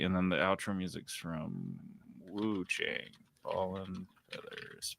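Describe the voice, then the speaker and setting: A man co-hosting a casual gaming podcast, animated and jokey, swearing casually and reading ads and news with energy. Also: deep voice, slow, creaky, a little hiss or hum. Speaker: podcast co-host.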